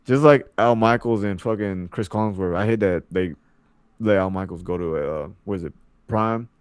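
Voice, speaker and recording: Low-voiced young man rambling casually. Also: moderate pace, smooth, dry recording, clean studio sound. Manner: loose and rambling, filler-heavy, mimics announcers. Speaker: podcast co-host. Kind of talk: casual sports chat.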